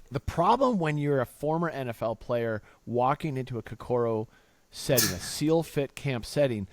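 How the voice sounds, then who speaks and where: A man's voice: medium pitch, no room sound. Man hosting a podcast, dry close sound. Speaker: podcast host. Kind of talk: casual chat.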